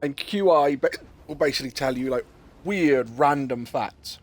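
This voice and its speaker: A man's voice: mid-range voice, moderate pace. A man streaming a game, chatting in a rambling way and swearing casually while he has the hiccups. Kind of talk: casual livestream chat while gaming.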